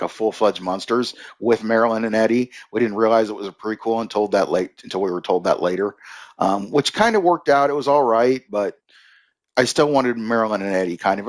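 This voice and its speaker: A man giving a casual, rambling movie review on a live stream, full of fillers and restarts, stopping to answer viewers in the chat. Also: mid-range voice.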